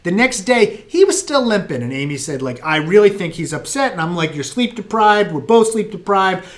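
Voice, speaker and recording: A middle-aged American man hosting a live viewer Q&A, telling stories in an animated, self-mocking way. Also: sits high, normal speed. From United States. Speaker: host answering viewer questions. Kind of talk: live Q&A chat.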